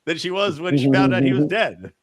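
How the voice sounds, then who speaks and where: A man's voice: a little high, expressive, fairly quick, over a noisy crowd. A man co-hosting a podcast, chatting casually and sarcastically, mimicking characters in mocking voices. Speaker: podcast co-host.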